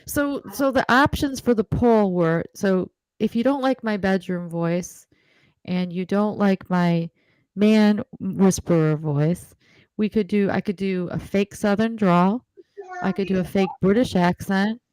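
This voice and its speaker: A woman's voice: mid-range voice, measured pace, darkish tone, smooth, dry recording. A woman from the northern US, a chatty, self-mocking panelist on a livestream video call. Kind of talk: casual livestream panel chat.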